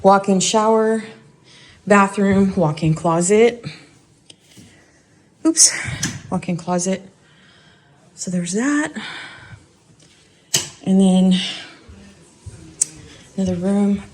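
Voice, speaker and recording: A woman's voice: mid-range voice, very slow, long pauses, darkish tone. A woman casually narrating a house walk-through indoors, thinking aloud and hedging her guesses as she goes. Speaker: vlogger giving a house tour.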